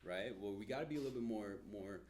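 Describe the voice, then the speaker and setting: A man coaching salespeople in a casual, blunt and energetic way, swearing often. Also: lowish voice, fast talker, slight background noise. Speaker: sales trainer.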